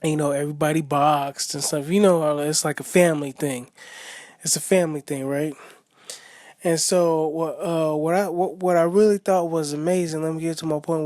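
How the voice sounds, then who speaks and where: A man's voice: on the high side, steady tone, normal speed, a little mellow, dry recording, clean studio sound. A man giving a casual, rambling monologue, full of fillers and restarts. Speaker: boxing commentator vlogger.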